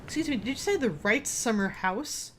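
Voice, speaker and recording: A woman's voice: a little high, lively intonation, normal speed, noisy background, close to an everyday voice. A woman voicing a polite, inquisitive male doctor in a game, reading his lines with a few stumbles.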